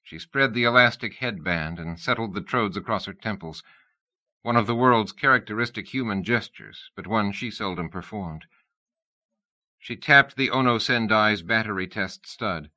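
A man reading an audiobook in steady, even storytelling narration. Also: on the low side, normal speed.

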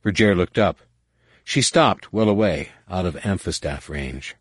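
A man reading a dramatic story as narrator, measured, with slow emphatic pauses. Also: low voice, lively intonation, slightly rough, dry recording, studio quality. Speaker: audiobook narrator. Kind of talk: scripted narration.

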